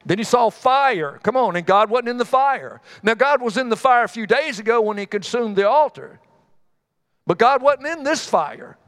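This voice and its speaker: Male preacher, high voice, homespun storyteller, conversational sermon style. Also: animated, fairly bright tone. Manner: folksy, conversational preaching with repeated "come on"; tells homespun stories with quick asides to the congregation.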